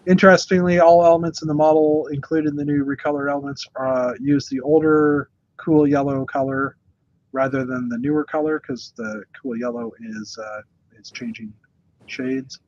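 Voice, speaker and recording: A man's voice: medium pitch, normal speed, a little mellow, highs cut off. A man co-hosting a casual chat about toy bricks, talking with many fillers and restarts. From Canada. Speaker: podcast co-host.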